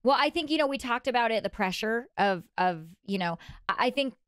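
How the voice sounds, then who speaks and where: A woman's voice: fairly high pitch, animated, clear, resonant tone, dry recording, studio quality. Earnest, encouraging woman guest. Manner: earnest, encouraging, affirming with quick interjections. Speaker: podcast guest. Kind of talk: casual podcast conversation.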